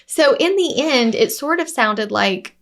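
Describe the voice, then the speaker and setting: A woman's voice: sits high, a little slow. A woman co-hosting a podcast as a real estate agent, telling a story in casual chat and acting out the dialogue. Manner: animated storyteller who acts out quoted dialogue.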